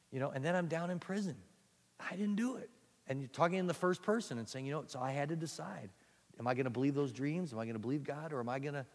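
A man giving a conversational teaching talk on storytelling for children's ministry, animated, with frequent restarts and asides. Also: medium pitch, in a large hall.

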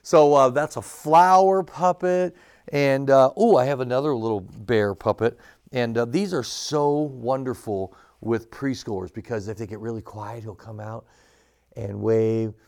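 A man walks through a casual puppetry lesson in an easygoing, chatty way. He runs a church puppet team and often pauses on "um" and "uh". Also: mid-range voice, darkish tone. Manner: chatty, many fillers. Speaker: church puppet ministry leader. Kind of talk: casual instructional demo.

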